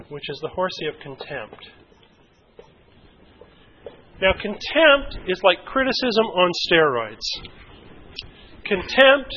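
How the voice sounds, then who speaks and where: A man presenting a relationship workshop in a conversational way, lively, using vivid examples and asking his audience questions. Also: high voice, slight background noise. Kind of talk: conversational teaching to a group. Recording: dull lo-fi recording.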